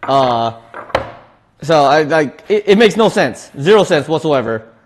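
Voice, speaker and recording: Male streamer, loose talky read, slightly high voice, laughs and restarts often. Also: expressive, a little slow. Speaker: streamer reading chat. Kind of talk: casual cooking livestream chat.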